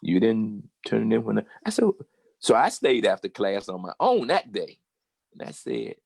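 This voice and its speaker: An older man with a Southern American accent telling a personal story in a casual, animated way and acting out the voices of the people he quotes. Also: lowish voice, normal speed, vocal fry, breathy edge, dry recording. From Virginia. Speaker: guest storyteller.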